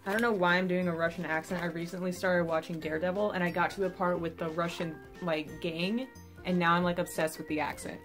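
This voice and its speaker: A woman's voice: fairly low pitch, level tone, a little fast, faint music behind. Bubbly young woman vlogging. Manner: bubbly, self-mocking, chatty. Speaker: YouTuber. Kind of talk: casual vlog to camera.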